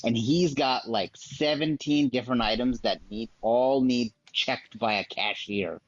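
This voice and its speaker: A man's voice: mid-range voice, a little slow. A man on a podcast panel, cracking goofy jokes and rambling bits while scoring games. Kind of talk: casual podcast banter. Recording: dull lo-fi mic.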